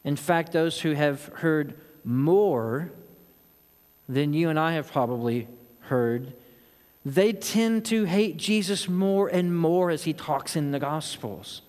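In an expository sermon on a Bible passage, a man speaks slowly in a somewhat high, slightly mellow voice. He asks rhetorical questions and voices the people in the text. Long hall reverb surrounds the recording.

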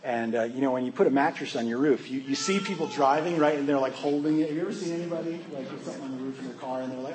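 A man's voice: medium pitch, fast talker, hardly any pauses, darkish tone, low-quality recording. A man preaching a sermon in a conversational, joking way, often asking his listeners questions. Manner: conversational, humorous, asks the congregation questions. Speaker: pastor.

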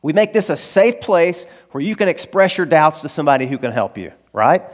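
Preaching a sermon with an Arkansas accent, a male pastor tells stories in an earnest, confessional way that builds to loud, emphatic peaks. His voice sits on the high side, and he speaks briskly and with great animation.

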